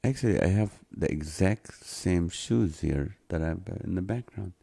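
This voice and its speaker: A man's voice: sits low, lively intonation, unhurried, creaky, warm tone, breathy edge. A man hosting a live online show, reading viewer comments aloud and chuckling often.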